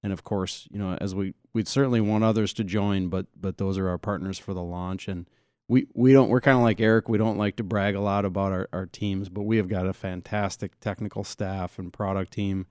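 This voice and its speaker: A man speaking as a product manager on a podcast, halting and restarting often. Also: sits low, fairly even intonation, a little mellow, smooth, no echo, clean studio sound. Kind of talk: casual podcast chat.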